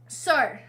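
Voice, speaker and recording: A woman's voice: sits high, low-quality recording. A woman streaming while painting, telling a rambling story in casual chat and often correcting herself. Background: faint music.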